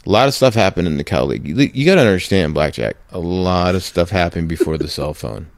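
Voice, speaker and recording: Casting: lowish male voice, casual podcast storyteller, rambling and chuckling. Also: expressive, fast. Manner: rambling, laughing anecdote teller. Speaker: podcast co-host, former ballplayer.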